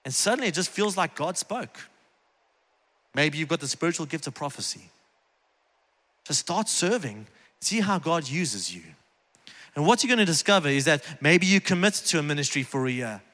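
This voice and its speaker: A man delivers a sermon in a fairly high, bright and forceful voice, earnest and conversational, repeating key phrases for emphasis. His words ring out with the long reverb of a large church hall. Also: animated, moderate pace, long pauses. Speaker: preacher. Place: church sanctuary, on stage.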